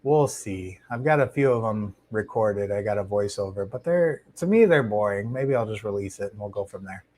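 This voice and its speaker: A man hosting a casual live stream about his shrimp tanks, talking into a lapel mic in a home fish room in a relaxed, chatty way with plenty of fillers and restarts. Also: lowish voice, moderate pace, poor audio. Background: faint hum of aquarium tanks.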